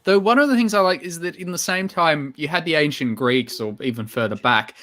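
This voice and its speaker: A man's voice: a little high, a little fast, a bit bright. A man hosting a casual live-stream chat, musing through long rambling explanations. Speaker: host.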